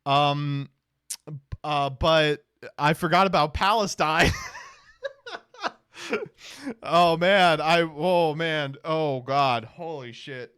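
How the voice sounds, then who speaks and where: A man's voice: on the high side, extremely slow, pauses often, fairly bright tone, clear, resonant tone, dry recording, studio quality. A man streaming casual reaction commentary, sarcastic and laughing often, with plenty of swearing. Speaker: streamer reacting to clips and tweets.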